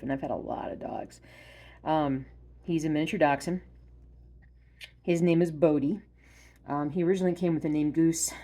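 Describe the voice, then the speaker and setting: A woman vlogging casually at home about stitching. She rambles with many ums and uhs and often drops to a soft murmur. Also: sits low. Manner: soft-spoken, drops to a murmur when addressing her dog. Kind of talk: casual chat. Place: at home by her stitching spot.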